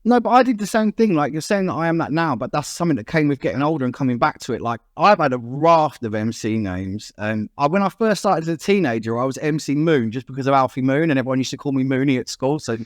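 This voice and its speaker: A man, a guest on a podcast, talking casually, frank and animated. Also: medium pitch, quick pace, hardly any pauses, dry recording, clean studio sound. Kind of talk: casual chat.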